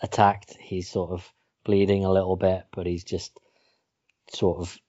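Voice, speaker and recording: Male co-host, mellow dark tone, dry teasing banter. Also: low voice, level tone, unhurried, husky, dull audio. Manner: dry, teasing, steering the talk. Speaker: podcast co-host. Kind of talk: casual podcast banter.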